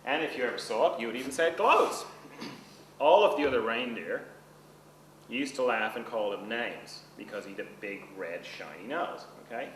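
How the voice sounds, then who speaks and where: A man's voice: mid-range voice, animated, normal speed. A man teaching a seminar class, talking in a loose conversational way and checking in with his listeners often. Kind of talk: seminar lecture. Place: seminar room. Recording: roomy, distant mic with background noise.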